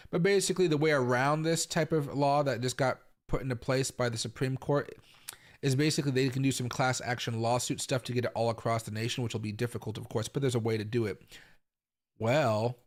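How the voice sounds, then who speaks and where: A man's voice: mid-range voice, fairly even intonation, brisk. Rambling, opinionated man hosting a livestream. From Tacoma, Washington, US. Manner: rambling and opinionated, with fillers, repeats and sudden loud outbursts. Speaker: crypto market livestream host. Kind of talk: casual live commentary.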